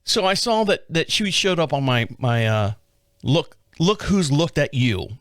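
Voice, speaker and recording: A man's voice: fairly high pitch, very animated, a little slow, fairly bright tone, dry recording, clean studio sound. A man, hosting his own show, telling a rambling story and acting out both sides of a phone call. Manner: chatty, acts out both sides of phone calls in rambling asides. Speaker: podcast host. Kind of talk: casual storytelling monologue.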